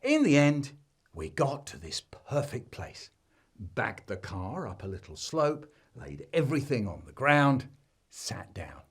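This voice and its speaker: A man telling a comic family story, swinging between deadpan asides and loud bursts. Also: medium pitch, unhurried, vocal fry, slightly rough.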